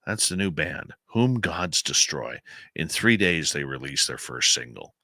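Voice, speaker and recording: A man's voice: very deep voice, very animated, unhurried, bright, forceful tone, dry recording. A Canadian man hosting a late-night radio talk show, chatty and enthusiastic, rambling as he tells stories and answers audience questions.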